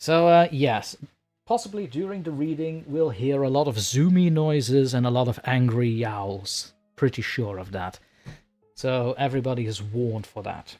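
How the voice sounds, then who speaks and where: A man in a casual livestream chat, rambling and chatty and quick to laugh. His voice sits at an ordinary middle pitch, with faint music in the background. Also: darkish tone. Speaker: livestream host and story narrator.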